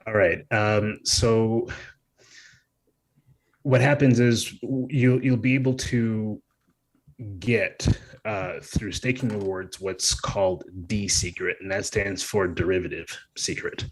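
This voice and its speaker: A man's voice: on the low side, steady tone, takes it slowly, poor audio. A man co-hosting a podcast who works as a tax professional, explaining in a hesitant way with many ums. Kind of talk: casual explanation.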